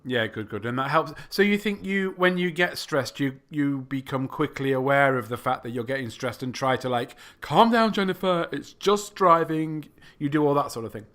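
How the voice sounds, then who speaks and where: A British man co-hosting a podcast, chatting in a friendly, jokey way with quick reactions. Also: medium pitch, fairly bright tone. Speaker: podcast co-host. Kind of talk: casual chat.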